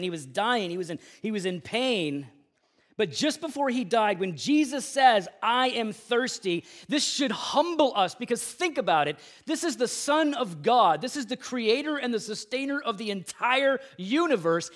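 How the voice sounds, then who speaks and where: Male pastor, high voice, preaching with intense swings from loud emphasis to hushed lows, slangy asides. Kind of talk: Good Friday sermon.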